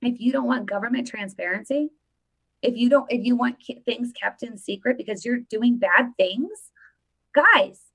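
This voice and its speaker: A woman vlogger giving casual live-stream political commentary, emphatic and animated, often repeating her phrases. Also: a little high, vocal fry, husky.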